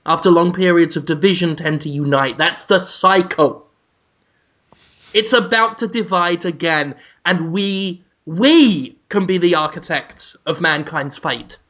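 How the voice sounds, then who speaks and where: A man's voice: fairly high pitch, a little slow, a bit bright. A man co-hosting a comedic podcast, laying out absurd mock-grand schemes with a straight face. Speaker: podcast co-host.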